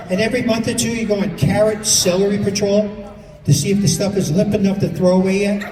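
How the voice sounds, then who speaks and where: A man from New York doing a stand-up comedy set on stage, exasperated and acting out people in quick bits. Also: high-pitched, steady tone. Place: stage in a large hall with a live audience. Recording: distant, echoey hall with crowd laughter.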